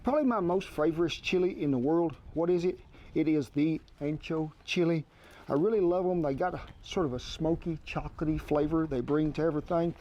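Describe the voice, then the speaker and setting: A man's voice: a little high, a little fast, dark tone, dull audio. A man hosting a cooking show, walking through a recipe in a folksy, homespun drawl.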